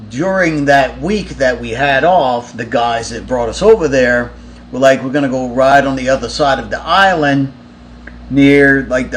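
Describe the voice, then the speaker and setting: A man's voice: medium pitch, a little hiss or hum. A man, a touring musician, casually telling a story in a loose, profane way, with lots of fillers and restarts.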